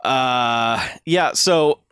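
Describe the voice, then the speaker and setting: A man's voice: mid-range voice, drawn-out words, fairly bright tone, clean tone, no room sound, clean studio sound. A man co-hosting a podcast, recapping a movie in casual chat, sarcastic and laughing often. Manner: sarcastic, laughs often while recounting scenes. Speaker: podcast co-host.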